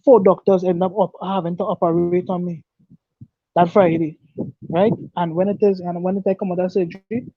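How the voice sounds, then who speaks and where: Man, high voice, halting and repetitive, earnest testimony, dry dull lo-fi sound. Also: flat delivery, no room sound. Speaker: guest telling his life story. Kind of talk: emotional personal testimony.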